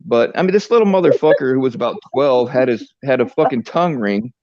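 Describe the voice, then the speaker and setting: A man's voice: mid-range voice, lively intonation, fast, dry recording. A man rants through a crude story, swearing constantly and rambling in his everyday tone. The sound is dull and lo-fi, a dry stream recording. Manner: profane, rambling rant.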